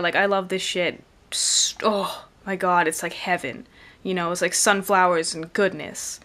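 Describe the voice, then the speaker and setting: A woman's voice: mid-range voice, a bit bright. A young woman vlogging to camera, chatty and rambling with many fillers, on the camera's own mic. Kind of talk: casual chat to camera.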